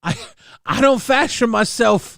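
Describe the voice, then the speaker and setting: A man's voice: extremely high pitch, unhurried, gravelly, fairly bright tone, clear, resonant tone, dry recording, studio quality. A man co-hosting a casual livestream chat, laughing often, swearing and reading viewer messages aloud. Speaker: co-host.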